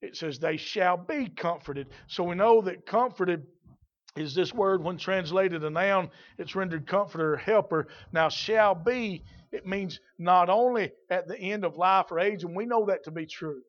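A male preacher with a high voice delivers a sermon, shifting from calm, quiet explanation to loud, slow, shouted passages. The recording sounds muffled and dull. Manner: swings from quiet teaching to shouted, drawn-out exclamations.

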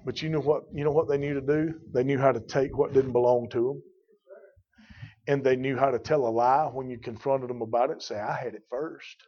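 An older man preaching a sermon in a folksy storytelling way, building to loud emphatic peaks. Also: mid-range voice, fairly even intonation, a little fast. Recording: dull lo-fi sermon recording.

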